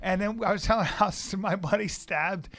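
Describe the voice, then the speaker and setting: A man co-hosts a casual podcast, joking and swearing freely between laughs. His voice is gravelly and bright, set fairly high. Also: normal speed. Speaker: podcast co-host. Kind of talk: casual chat.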